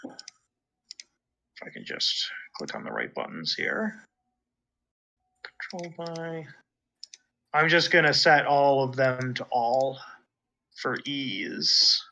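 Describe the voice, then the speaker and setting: A man's voice: medium pitch, very animated, slow, vocal fry, long pauses, pushed and bright, rough recording. A man narrating as dungeon master, hesitant and full of fillers as he describes the scene. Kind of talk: narrating a tabletop game.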